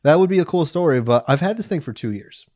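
A man's voice: on the high side, expressive, quick pace, a little mellow, no echo, clean studio sound. Laid-back young man telling a story. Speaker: podcast co-host. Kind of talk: casual chat.

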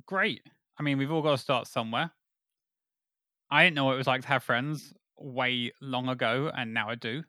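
A man playing in a tabletop game, speaking in character in an awkward, halting, rambling way. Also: mid-range voice, pushed and bright, no room sound. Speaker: player. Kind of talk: casual role-play banter.

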